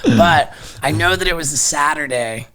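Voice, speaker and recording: A middle-aged man telling a story in casual chat, animated, swearing often and restarting his sentences. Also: on the high side, moderate pace, a loud crowd. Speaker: podcast guest.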